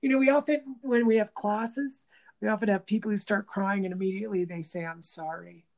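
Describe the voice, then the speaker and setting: A woman's voice: medium pitch, fairly even intonation, fairly quick, a little mellow. A woman workshop teacher talking in a reflective interview, thoughtful and searching for words, often restarting.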